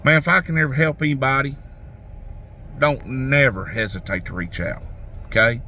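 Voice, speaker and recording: Fishing guy rambling outdoors, bright tone, a little background noise. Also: medium pitch, moderate pace. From Tennessee. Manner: folksy, rambling, restarts a lot. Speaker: fishing vlogger. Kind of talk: casual rambling talk to camera. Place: outdoors by a lake.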